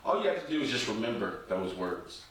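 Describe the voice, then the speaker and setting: A man's voice: lowish voice, sing-song, fairly quick, a bit bright. A man hosting a casual podcast chat, talking in an encouraging and emphatic way. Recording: echoey, distant from the mic.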